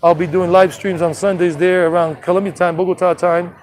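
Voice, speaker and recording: A travel vlogger live streams casually from an outdoor city street, speaking loosely into a phone held at arm's length and restarting sentences often. His high voice is flat, brisk, and somewhat dark in tone, with slight background noise.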